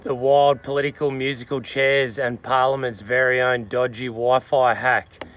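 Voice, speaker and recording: A man's voice: medium pitch, flat delivery, normal speed, a bit bright. An Australian man hosting a podcast, delivering a blunt, slangy political rant with swearing, recorded outdoors. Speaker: podcast host.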